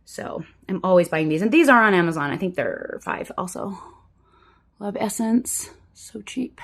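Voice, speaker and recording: A woman in her fifties talks to camera from her home desk in a plain, mid-pitched voice. Her chat is frank and self-deprecating, and she sometimes drops into quiet muttered asides. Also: expressive, moderate pace. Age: 50s. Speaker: vlogger doing a makeup routine.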